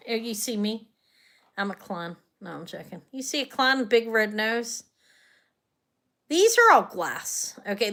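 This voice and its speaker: A woman's voice: medium pitch, a bit bright. A woman hosting a live online jewelry sale, chatting loosely and often trailing off mid-sentence. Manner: chatty, rambling, trails off and restarts.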